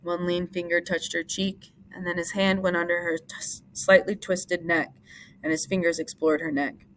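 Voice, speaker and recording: A woman reading a novel aloud as a teacher, in plain, steady narration. Her voice sits fairly low, with a faint hiss in the background. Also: moderate pace.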